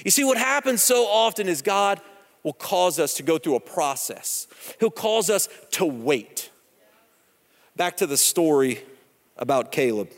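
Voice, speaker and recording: Pastor in his thirties, high voice, casual storytelling sermon in a big echoing sanctuary. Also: sing-song, measured pace. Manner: conversational, joking, storytelling. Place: church sanctuary. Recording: long hall reverb.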